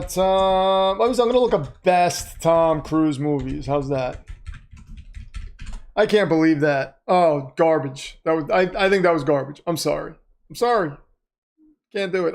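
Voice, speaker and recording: Fairly high in pitch with a darkish tone, a man hosts a live stream reacting to a football game. He chats casually, calls the plays in real time, reads comments from viewers and muses off-topic.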